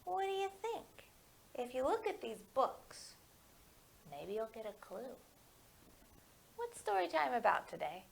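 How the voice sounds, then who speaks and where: A woman librarian leading a story time for young children, talking to them directly in a sing-song way and reading picture books aloud with slow care. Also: high voice, sing-song, gravelly, husky.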